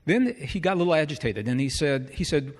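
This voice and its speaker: A man's voice: on the high side, lively intonation, fairly quick. A middle-aged man telling a personal story to a live audience in an earnest way, often asking the listeners rhetorical questions. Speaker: speaker. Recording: long hall reverb.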